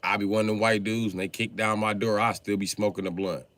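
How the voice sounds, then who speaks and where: A man's voice: lowish voice, fairly even intonation, fast talker, a bit bright, no room sound. A man telling comic stories on a livestream, who swings into mock-formal speech. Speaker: livestream comedian. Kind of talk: stand-up style storytelling.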